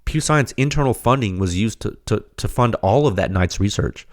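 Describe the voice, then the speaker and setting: A man hosting a podcast, slightly hoarse and losing his voice, giving an emphatic, rhetorical unscripted technical monologue straight to his audience. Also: on the low side, animated, moderate pace. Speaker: podcast host, firearms silencer researcher.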